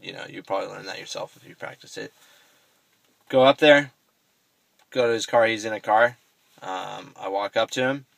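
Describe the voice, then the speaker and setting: A man's voice: lowish voice, normal speed, creaky, pauses often, no echo, rough recording. A young man vlogging, telling a personal story in a rambling, self-correcting way and swearing casually.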